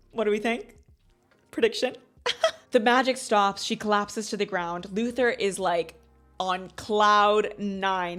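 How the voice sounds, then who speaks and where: A woman's voice: medium pitch, fairly bright tone. Chatty woman gushing about a book. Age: 30s. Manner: chatty, gushing, lots of "like" fillers. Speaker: book club host. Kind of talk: casual book recap.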